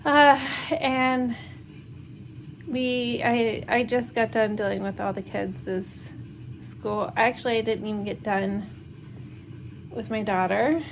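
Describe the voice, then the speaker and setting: Speaking slowly with long pauses, a homeschooling mom vlogger in her thirties rambles casually over laundry at home, her fairly high voice keeping a steady tone amid many fillers and nervous laughs. The recording is rough, with slight background noise.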